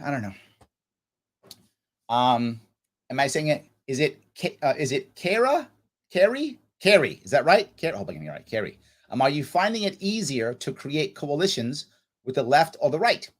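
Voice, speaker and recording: A man hosting a casual livestream Q&A, telling stories animatedly and acting out other people's voices. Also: fairly high pitch. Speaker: livestream host answering viewer questions.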